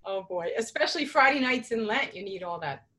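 A woman's voice: medium pitch, animated, a little fast, bright, forceful tone. A woman hosting an interview show, chatting casually and laughing easily. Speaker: show host.

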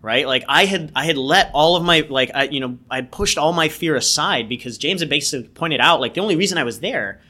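A man's voice: a little high, animated, a little fast, few pauses, pushed and bright. A man guest casually telling a personal story, rambling with lots of "like" and "you know". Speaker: podcast guest.

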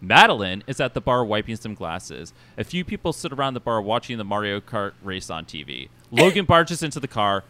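A man narrating a tabletop role-play as game master, reading out lively scene directions. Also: on the low side, brisk, hardly any pauses.

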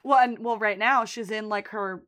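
A woman's voice: medium pitch, normal speed. A woman co-hosting a podcast, recapping a TV episode in casual chat and acting out characters' lines. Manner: animated recapping, acting out quotes. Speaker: podcast co-host.

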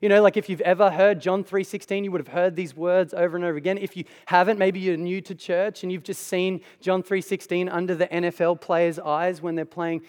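High-voiced man preaching in a reverberant hall. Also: little pitch movement, brisk, hardly any pauses, a little mellow. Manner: conversational, emphatic preaching with asides. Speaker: pastor. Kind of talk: sermon.

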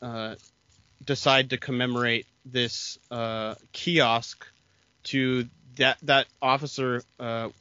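Podcast co-host man, bright voice, plot explainer, dull dry lo-fi audio. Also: medium pitch, flat delivery, takes it slowly, clean tone, no room sound. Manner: explanatory, retells scenes with quoted lines. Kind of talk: casual chat recapping a TV episode.

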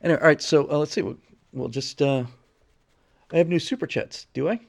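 A man's voice: fairly high pitch, a little fast, vocal fry. A middle-aged man hosting a livestream in casual chat; he rambles and repeats words while reading viewer messages. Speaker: livestream host.

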